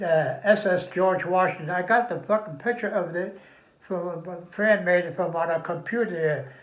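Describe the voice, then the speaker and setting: High-voiced older New man, profane. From New Jersey. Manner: rambling, profane, folksy. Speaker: veteran telling family stories. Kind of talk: casual reminiscing. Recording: roomy, dull lo-fi recording.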